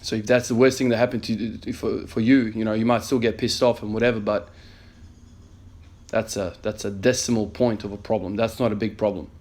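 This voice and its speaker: A man's voice: lowish voice, flat delivery, a little fast, a little mellow. A man in his thirties, an emergency nurse, earnestly telling a story in a motivational vlog with many fillers. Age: 30s.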